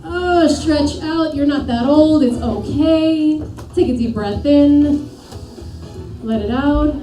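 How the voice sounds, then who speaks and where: A woman working as a performance coach, giving an energetic motivational seminar and pushing the audience with questions and commands. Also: high-pitched, slow pace, faint music behind. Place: seminar room with a live audience. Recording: echoey room, voice picked up from a distance.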